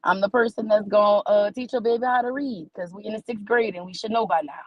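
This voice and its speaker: A woman's voice: mid-range voice, fast talker, dry recording, lo-fi sound. A woman from New Orleans with a New Orleans accent, performing stand-up comedy in a folksy, scolding auntie tone that calls people baby. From New Orleans, USA.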